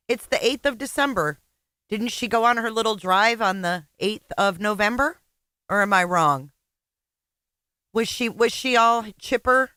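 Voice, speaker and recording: A woman with a middle-pitched voice gives casual reaction commentary. She is blunt and sarcastic, and she drops profane asides over a clip she is playing. The recording is dry and close. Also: pushed and bright, clear, resonant tone, dry recording. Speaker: commentary channel host.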